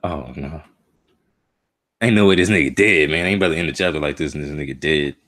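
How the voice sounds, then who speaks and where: Super deep voiced guy streaming a reaction, emotional and slangy, muttering to himself. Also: brisk, fairly bright tone. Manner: emotional, slang-heavy, talks to himself while reading. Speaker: streamer reacting to a manga chapter. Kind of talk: casual live reaction commentary.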